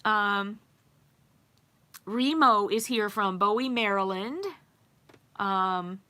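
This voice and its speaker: A woman's voice: mid-range voice, slow, pauses often, sharp tone. A middle-aged woman hosting a casual livestream, chatting with viewers in a rambling way with frequent ums and little laughs. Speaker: livestream host. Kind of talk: casual live chat reading comments.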